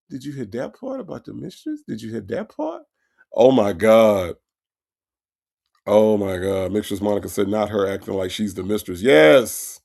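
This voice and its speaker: Gravelly man mocking a call. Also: mid-range voice, a little mellow. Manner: incredulous, mocking, repeats lines for effect; reads out viewer chat comments. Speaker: host reacting to a jail call. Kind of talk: comedic live-stream commentary.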